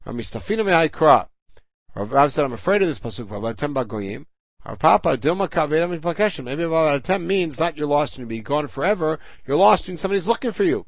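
An older man with a fairly high-pitched voice teaches a Talmud class, reading the Hebrew and Aramaic text aloud and translating each line into English. The recording is dry.

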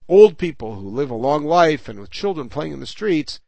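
A man's voice: on the high side, big pitch swings, moderate pace, creaky, dark tone, dry recording. An older man teaching a Talmud class. He reads the Hebrew and Aramaic text aloud and explains each line in English. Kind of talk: Talmud class, reading and translating.

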